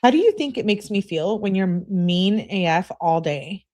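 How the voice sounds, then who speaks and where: A woman's voice: mid-range voice, animated, normal speed, a little mellow, close to an everyday voice. A woman reading aloud as an upset teenage girl, clingy and indignant, complaining in an exasperated way. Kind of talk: reading text messages aloud.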